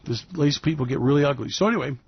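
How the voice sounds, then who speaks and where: A man's voice: on the high side, fast talker, husky, no room sound, dull audio. A man hosting a radio show, talking in a rambling, emphatic monologue full of fillers and restarts. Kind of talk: opinionated monologue.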